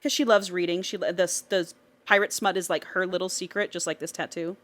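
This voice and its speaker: A woman's voice: lowish voice, fairly even intonation, brisk, a bit bright. A woman co-hosting a podcast who recaps a novel in casual chat, swearing freely, laughing often and acting out the characters' lines. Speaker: podcast co-host.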